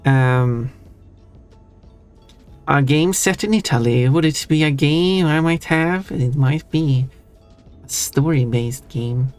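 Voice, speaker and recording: A man's voice: a little high, slow pace, pauses often, darkish tone, clear, resonant tone, soft background music. Chatty man streaming. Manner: chatty, self-amused, restarts and trails off. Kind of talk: casual chat while gaming.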